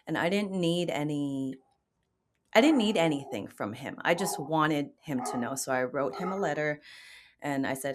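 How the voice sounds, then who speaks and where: A woman guest on an interview, candidly and reflectively telling a personal story in casual talk. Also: very deep voice.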